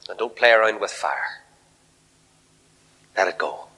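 A man preaching a fiery revival sermon in a large church hall, swinging from shouted appeals to hushed near-whispers. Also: lowish voice, a little slow, breathy edge.

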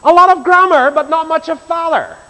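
A man preaching a storytelling sermon to a congregation, swinging from loud exclamations to hushed tones. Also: very high-pitched, brisk. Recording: long reverb of a large hall.

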